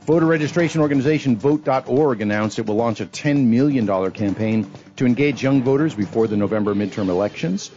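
A man hosting a morning radio show, reading the news headlines in a brisk, even newsreader delivery. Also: mid-range voice. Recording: dull lo-fi radio audio with music bed.

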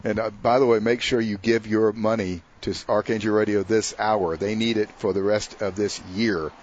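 A man's voice: fairly low pitch, steady tone, moderate pace, a little mellow, dull audio. A man, a parish priest, chatting on a radio pledge drive and telling stories with a laugh now and then. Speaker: priest guest. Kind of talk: casual storytelling interview.

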